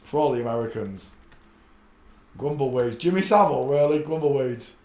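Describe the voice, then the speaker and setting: A man's voice: medium pitch, animated, normal speed, dark tone. A man hosting a casual live stream, rambling and muttering to himself as he searches for clips. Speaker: channel host. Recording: echoey room.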